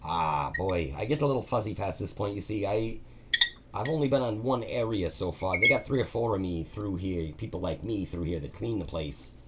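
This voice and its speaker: A man's voice: low voice, lively intonation, moderate pace, heavy background noise. A man voicing a nervous, newly hired male dungeon cleaner who rambles hesitantly and apologizes a lot. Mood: rambling.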